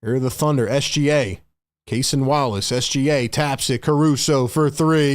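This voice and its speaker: A young man hosting a live stream, giving excited fan play-by-play of a basketball game and hyping up his chat. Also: a little high, moderate pace, smooth, dry recording, clean studio sound. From Philadelphia area. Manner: excitable, hypes the chat, shouts at big plays.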